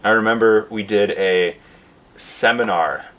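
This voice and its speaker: A man hosting a podcast, telling a story in a rambling, animated way with lots of fillers. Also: fairly low pitch, measured pace. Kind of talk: casual storytelling.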